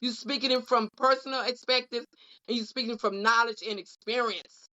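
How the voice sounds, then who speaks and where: Bright and forceful, her slightly high voice holds fairly even intonation at a moderate pace. The dull lo-fi clip captures a union caucus co-host giving emotional closing words on a podcast panel, repeating phrases as a preacher might.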